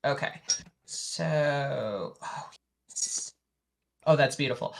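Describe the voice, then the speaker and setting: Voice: mid-range voice, takes it slowly, creaky. A player in a tabletop game who sounds eager and upbeat while adding up dice aloud. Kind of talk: casual tabletop play.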